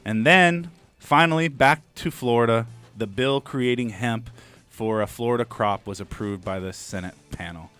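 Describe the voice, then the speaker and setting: A mid-pitched man hosts a radio show from a studio. He reads the news loosely, cracks jokes and swears freely. Faint music runs behind him. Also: normal speed, a bit bright, clean tone. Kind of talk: casual radio news banter.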